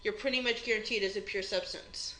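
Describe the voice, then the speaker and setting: Bright-voiced woman explaining chemistry. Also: medium pitch, fairly even intonation, fairly quick, poor audio. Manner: explains step by step in a plain conversational way. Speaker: chemistry instructor. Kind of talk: recorded exam review lecture.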